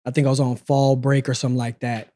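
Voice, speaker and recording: Guy in his 40s chatting on a podcast, mellow warm voice, laid back storytelling. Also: mid-range voice, quick pace. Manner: relaxed, conversational, acts out quoted dialogue. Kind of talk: casual storytelling conversation.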